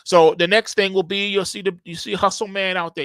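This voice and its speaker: A man's voice: high voice, flat delivery, a little fast, a bit bright, no echo. A man giving a casual commentary monologue in an emphatic, repetitive way. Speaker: market commentator.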